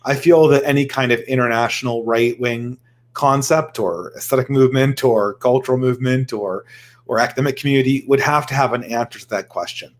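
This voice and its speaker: A man's voice: medium pitch, fairly quick. Man thinking aloud in discussion. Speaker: panel guest. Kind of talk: casual discussion.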